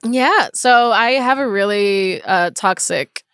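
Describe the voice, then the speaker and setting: A woman's voice: mid-range voice, slow pace, a bit bright, smooth, no echo, clean studio sound. A woman hosting a podcast in casual chat. She talks expressively, swears freely and laughs often while drinking whiskey. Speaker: podcast host.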